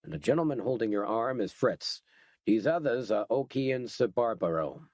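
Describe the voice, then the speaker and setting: A man's voice: medium pitch, expressive, moderate pace, darkish tone, no echo, studio quality, lightly acted. A man voicing a menacing biker gang leader who talks in a mild, soothing, mock-courteous drawl. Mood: oily.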